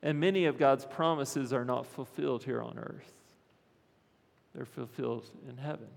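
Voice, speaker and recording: A man's voice: medium pitch, normal speed, vocal fry, in a large hall. A man preaching a sermon as pastor, earnest, often repeating phrases and checking in with the congregation.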